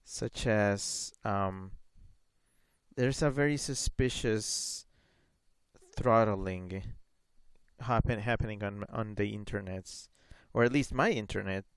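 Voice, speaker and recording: A man's voice: lowish voice, slow, smooth, dry recording. A man chatting casually on a live gaming stream, rambling with lots of fillers and reading chat messages aloud.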